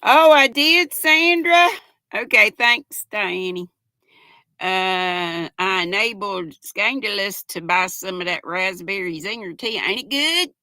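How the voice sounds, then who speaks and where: Reading chat on a casual livestream from home, an older woman chats with viewers, giggling in a folksy way and calling them "y'all". She speaks slowly at medium pitch with lively intonation, her voice pushed and bright, the sound dry and close without echo.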